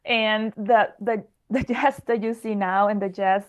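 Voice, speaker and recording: Expressive woman in her thirties. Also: mid-range voice, unhurried. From Mexico. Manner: expressive, talks with her hands. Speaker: HR expert guest. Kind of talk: conversational interview answers.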